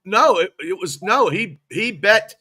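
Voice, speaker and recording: A man's voice: high voice, expressive, measured pace, bright, forceful tone, breathy edge. A man co-hosting a casual sports podcast over a video call, telling stories and cracking jokes. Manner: joking, storytelling. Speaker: podcast co-host.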